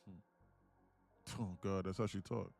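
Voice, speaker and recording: Joking slangy trading stream host. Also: male voice, sits low, steady tone, creaky, a little mellow, faint music behind. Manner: loose, joking, slangy banter with quick restarts. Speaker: day trading livestream host. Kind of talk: casual livestream chat.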